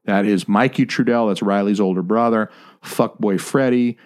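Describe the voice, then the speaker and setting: A man's voice: on the low side, normal speed, a little mellow. Profane, joking male podcast co-host. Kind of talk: casual podcast chat.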